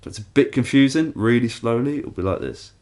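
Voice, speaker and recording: A man's voice: medium pitch, animated, a little fast. A man teaching a guitar lesson, explaining each step and counting strums aloud. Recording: loud guitar playing behind.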